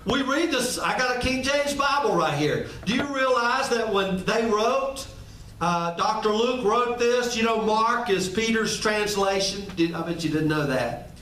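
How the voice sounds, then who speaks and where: A man's voice: high voice, expressive, a little slow, sharp tone, slight background noise. A male pastor preaching a sermon, emphatic and often asking the congregation rhetorical questions. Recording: echoey room, mic at a distance.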